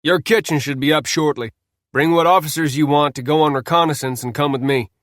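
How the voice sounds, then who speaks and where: A man reading the orders of a brisk battalion operations officer. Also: a little high, fairly even intonation, fairly bright tone, dry recording, studio quality, lightly acted.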